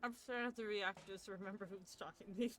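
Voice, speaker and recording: A woman player at a tabletop game, excitable and chatty in casual banter. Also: mid-range voice, fast talker, a little hiss or hum. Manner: excitable, cheering.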